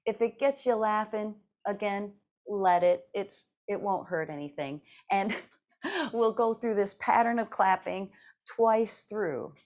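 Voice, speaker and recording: A middle-aged woman leading a seated exercise class. She talks slowly and gently, and she laughs often between her cues. Her voice sits at a middle pitch. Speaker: fitness instructor.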